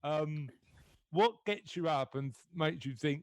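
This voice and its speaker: A man's voice: a little high, unhurried. A man hosting a podcast, friendly and encouraging, often restarting his sentences. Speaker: podcast host. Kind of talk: casual podcast interview.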